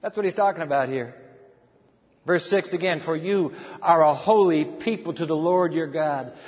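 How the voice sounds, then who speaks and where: A man delivers a sermon in a high, ringing voice, pressing his points with emphatic repetition and rhetorical questions. The recording sounds dull and muffled, with a long reverb trailing behind his words as in a large sanctuary. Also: normal speed. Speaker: preacher.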